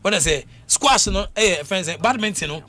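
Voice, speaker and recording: A Ghanaian man on a radio sports panel, talking in a loose, animated run that keeps breaking into laughter and fillers. His voice sits a little high, and he circles back and repeats himself as he builds a point. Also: moderate pace. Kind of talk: casual radio sports talk mixing English and Twi.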